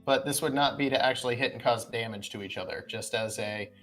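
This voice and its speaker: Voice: mid-range voice, fairly quick, over music. Laid-back game master, conversational narration, streamed tabletop game.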